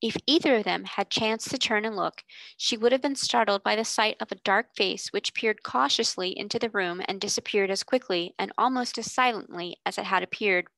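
A woman reading a children's novel aloud, steady and gentle. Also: mid-range voice, normal speed, vocal fry, no echo, poor audio. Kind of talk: audiobook read-aloud narration.

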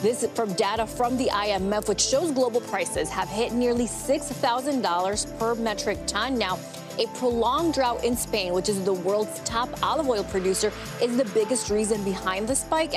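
A woman reading a news item in a clear, informative way. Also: a little high. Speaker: news anchor.

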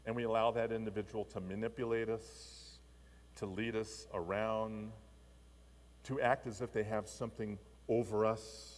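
A man's voice: fairly low pitch, moderate pace. Man preaching in a reverberant church. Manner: storytelling, expressive. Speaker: pastor. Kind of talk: sermon.

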